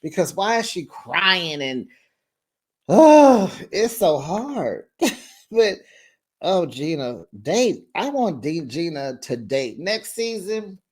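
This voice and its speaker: Sassy, animated woman recapping reality TV. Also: on the low side, slow pace, husky. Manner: sassy, animated, talks straight to viewers with slang like "child" and "honey". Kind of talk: casual recap commentary.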